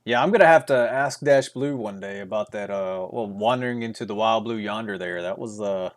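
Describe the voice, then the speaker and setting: Chatty man casting an esports match. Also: on the low side. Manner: chatty, rambling, quick bursts with frequent fillers and chuckles. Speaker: tournament caster. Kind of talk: solo esports commentary.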